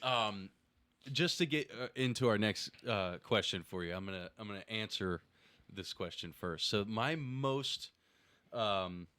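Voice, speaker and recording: A young adult man co-hosting a podcast, telling excitable comic stories. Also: fairly low pitch, measured pace, clean tone, no room sound. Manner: animated, excitable comic storyteller. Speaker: podcast co-host. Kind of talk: casual podcast chat.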